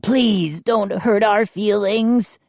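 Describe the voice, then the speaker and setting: A woman voicing a small, pleading male lawn gnome with a raspy voice, speaking slowly and earnestly. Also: medium pitch, a little mellow, no room sound, pitched above the performer's own voice.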